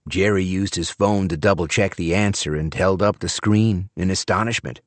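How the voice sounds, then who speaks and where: A man narrating an audiobook thriller in a measured, wry tone. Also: sits low, no room sound. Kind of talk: scripted narration.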